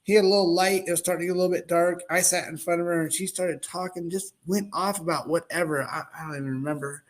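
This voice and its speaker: Middle aged guy telling a story, kinda high voice, does all the voices. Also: fast talker. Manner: animated, acts out voices of others in the story. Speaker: host, product owner. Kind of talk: casual storytelling.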